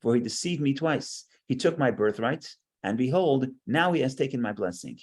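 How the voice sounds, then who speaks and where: A man's voice: medium pitch, animated, moderate pace. Man, teacher, text study class, explanatory, reads verses aloud, repeats words.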